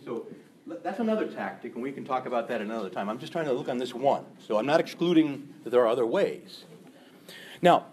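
A male preacher delivering a sermon in an animated way, acting out quick voices of people he describes. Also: mid-range voice, background noise. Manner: animated, acts out gossiping voices.

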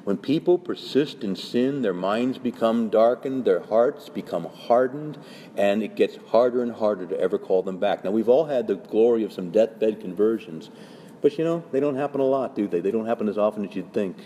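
A man preaching as a Catholic priest, urgent and pleading. His voice is warm and mellow, and it jumps up in pitch and volume when he presses a point. A faint hiss of noise sits underneath. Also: normal speed. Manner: urgent and pleading, with sudden rises in pitch and loudness; acts out quoted parishioners in their voices. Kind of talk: sermon-style teaching talk.

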